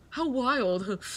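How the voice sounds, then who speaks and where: A young woman streaming a game live, gushing over characters, reading lines aloud and joking. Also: high-pitched. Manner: gushing, excitable, reads dialogue aloud and jokes.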